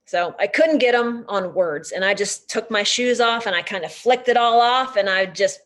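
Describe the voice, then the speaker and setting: A woman teaching a nature class through a lively story. Her talk is chatty and animated, full of casual fillers. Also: medium pitch, moderate pace, a little hiss or hum. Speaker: nature educator. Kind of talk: storytelling lecture.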